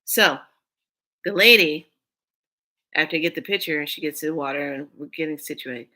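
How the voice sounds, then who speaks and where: A woman hosting her own spiritual channel, telling a personal story in a casual, animated way, jumping from loud bursts to hushed asides. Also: sits low, normal speed.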